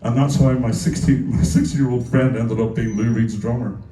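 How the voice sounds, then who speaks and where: A man from Ireland, a musician, telling animated anecdotes on stage and acting out the voices of the people in them. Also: medium pitch, fairly quick. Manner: animated, acts out voices in quotes, laughs often. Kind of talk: casual onstage storytelling. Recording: echoey club from a distance.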